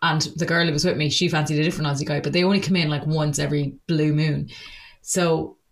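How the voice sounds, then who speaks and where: A young Irish woman telling lively stories in casual chat, laughing and acting out what people said. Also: deep voice, fast talker. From Ireland. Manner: animated, laughing, acts out quotes in voices. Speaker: podcast co-host.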